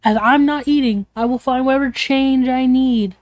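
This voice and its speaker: A woman's voice: sits high, steady tone, moderate pace, a little mellow, dry recording. A young woman streamer venting in a casual, rambling way, emotional and swearing often.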